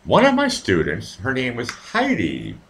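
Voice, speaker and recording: A man's voice: mid-range voice, huge pitch swings, measured pace, creaky, a bit bright, slight background noise. A man hosting a live show, telling a story in a rambling, profane, casual way with many restarts.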